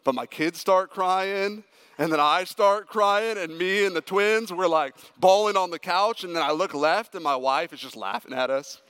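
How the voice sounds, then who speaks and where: A man preaching a sermon as a pastor, emphatic and animated when he tells stories. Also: high voice, moderate pace, clear, resonant tone. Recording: echoey hall with long reverb.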